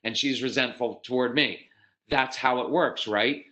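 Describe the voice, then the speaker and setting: A man's voice: mid-range voice, a little slow, low-quality recording. A man giving a conversational parenting seminar, talking directly to his audience, asking them questions and acting out quoted dialogue. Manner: animated, acts out quoted dialogue. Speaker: parenting speaker.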